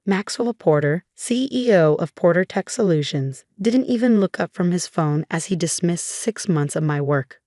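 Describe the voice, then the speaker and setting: A woman with a fairly low voice narrates a first-person story steadily and in a measured way. The recording is dry and close, with no echo or room sound.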